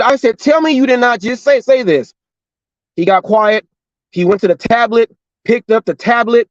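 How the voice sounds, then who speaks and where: At a normal speed, a fairly high-voiced, middle-aged driver and show host from Los Angeles and Orange County chats casually with his regular viewers. He retells a story with animation and repetition, voicing both sides of the exchange, over dry, slightly dull sound with no echo.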